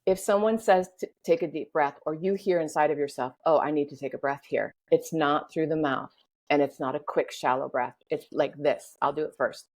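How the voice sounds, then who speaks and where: A woman with a low voice guides listeners through a breathing exercise with calm, slow instruction. She then explains breathwork on a podcast. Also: rough recording. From United States. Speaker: breathwork facilitator guest.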